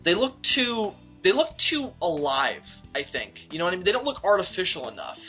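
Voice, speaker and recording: A man's voice: high voice, wildly swooping pitch, a little fast, bright, forceful tone, faint music behind. A man co-hosting a casual film discussion, emphatic and opinionated, and he swears freely. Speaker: podcast co-host.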